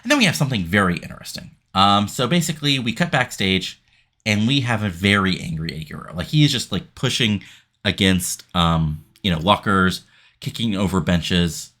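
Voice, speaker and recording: A man's voice: lowish voice, animated, normal speed, bright, forceful tone. A man giving casual let's-play commentary on a wrestling sim, rambling with many fillers. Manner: rambling, filler-heavy recapping. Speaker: game commentator.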